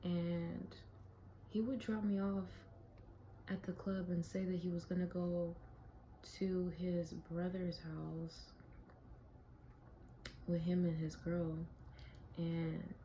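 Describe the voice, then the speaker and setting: A young woman recounts a personal story in a loose, candid vlog style. Her voice sits a little low and sounds soft and mellow. She swears freely and now and then drops into a whisper, over a faint background hum. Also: slow pace, gravelly, long pauses, low-quality recording. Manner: candid, profane, animated storytelling with whispered asides. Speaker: vlogger. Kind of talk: casual storytelling.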